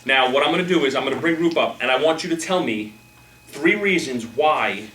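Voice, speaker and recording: Guy talking fast to a room full of people, acts out reactions, mic kinda far off. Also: medium pitch. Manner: animated, acts out quoted reactions. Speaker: speaker leading a Toastmasters workshop. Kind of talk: live motivational talk. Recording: roomy, from a distance, faint noise.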